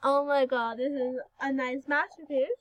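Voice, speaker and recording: Very high, giggly female voice. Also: normal speed, poor audio. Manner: giggly and excitable, with sudden loud outbursts. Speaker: gaming video host. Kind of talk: casual gameplay commentary.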